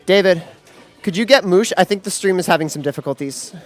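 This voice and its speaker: A man with a somewhat high voice calls a fighting game live from an event venue. His commentary is excitable and packed with fillers and quick restarts. Faint music plays in the background. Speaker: esports commentator.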